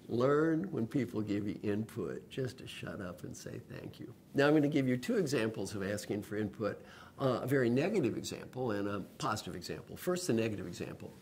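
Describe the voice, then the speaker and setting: Older guy coach giving a video talk, really lively up and down voice, faint rumble behind. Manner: animated storyteller who acts out quoted voices. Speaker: executive coach. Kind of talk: lecture-style video blog.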